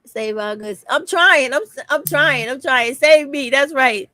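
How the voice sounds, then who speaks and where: A woman's voice: sits high, measured pace, pushed and bright, no echo, studio quality. A middle-aged woman, hosting an impassioned livestream, emphatic and profane. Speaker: livestream host.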